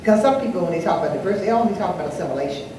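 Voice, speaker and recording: An older woman speaking on an anniversary panel, an animated storyteller who acts out the dialogue in her anecdotes. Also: on the low side, racing. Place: large echoey hall, live event. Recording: echoey hall, distant mic, faint noise.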